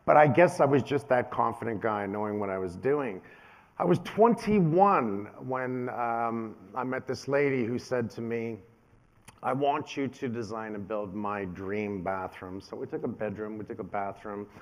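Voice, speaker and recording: Male keynote speaker, 50s, lively storyteller, casual and conversational. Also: mid-range voice, unhurried. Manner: animated storyteller, acts out quoted voices.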